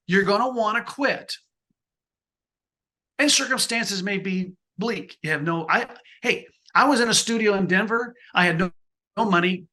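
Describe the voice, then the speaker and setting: An older man in his sixties gives motivational advice in an interview, pressing each point hard and often circling back to restart a phrase. His voice sits a little high for a man and rings bright and forceful. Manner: emphatic, repeats and restarts phrases. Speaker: photographer, interview guest.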